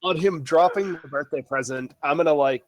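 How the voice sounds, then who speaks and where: A man's voice: on the high side, a little fast, no echo. A man playing a tabletop game, eagerly describing what his character does, with fillers. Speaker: player. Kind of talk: casual tabletop game talk.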